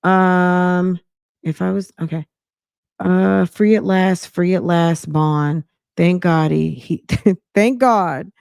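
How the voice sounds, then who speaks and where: A woman's voice: lowish voice, steady tone, slow pace, creaky, darkish tone, smooth, dry recording, studio quality. A woman hosting a reaction commentary stream, chatty and sassy, addressing viewers as sis.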